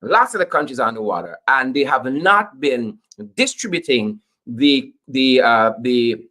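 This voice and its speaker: A young Guyanese man with a Guyanese accent, hosting a political commentary show in an animated, joking way and repeating phrases for emphasis. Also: mid-range voice, a little slow. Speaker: host.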